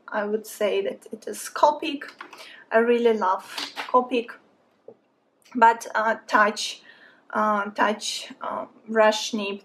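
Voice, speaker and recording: A woman's voice: medium pitch, a little hiss or hum. A woman from Saint Petersburg with a Russian accent, chatting in a friendly way as she narrates a drawing tutorial. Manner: chatty, friendly, thinking aloud while drawing. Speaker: art instructor.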